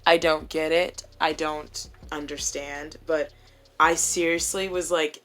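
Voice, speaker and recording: A woman's voice: low-pitched, fairly even intonation, slow, fairly bright tone, slight background noise. A young woman vlogging casually to her phone camera while doing her makeup at home, chatty, joking and candid, with plenty of swearing.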